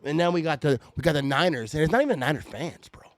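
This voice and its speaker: Male podcast host, heated fan rant, high and swinging pitch, dry close sound, stammers on restarts. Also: expressive, fast, no echo. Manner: fired-up, irritated, stammering restarts. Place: home at night. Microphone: podcast mic.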